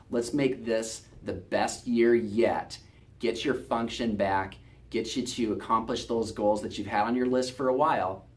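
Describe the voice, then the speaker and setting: Earnest man telling a patient story. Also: fairly low pitch. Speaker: chiropractor. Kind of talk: promotional storytelling to camera.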